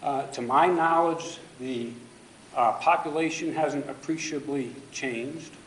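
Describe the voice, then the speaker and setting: A man's voice: a little high, slow, fairly bright tone, slight background noise. Man objecting firmly in an echoey chamber. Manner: emphatic, pointed objections. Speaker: resident giving public comment. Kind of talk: public comment at a council meeting. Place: council chamber.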